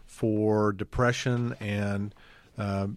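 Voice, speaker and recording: A man's voice: fairly low pitch, flat delivery, extremely slow, no room sound. A man on a news podcast panel explaining political news in a dry, matter-of-fact way. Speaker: executive editor on a podcast panel. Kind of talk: casual panel chat.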